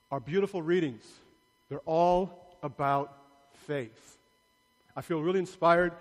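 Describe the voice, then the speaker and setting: A priest giving a sermon in a large church, playfully asking the congregation questions and bantering with them. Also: male voice, sits high, fairly bright tone. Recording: long church reverb.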